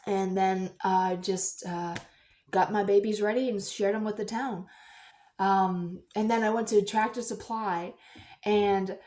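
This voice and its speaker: A woman's voice: mid-range voice, unhurried. Chatty woman telling a rambling story. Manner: chatty, rambling, swings into loud excited bursts. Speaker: vlogger. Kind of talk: casual personal storytelling.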